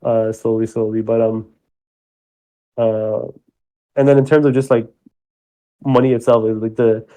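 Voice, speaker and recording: Flat, mellow man explaining hesitantly. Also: medium pitch, measured pace, long pauses, low-quality recording. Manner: hesitant, filler-heavy. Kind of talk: casual voice chat.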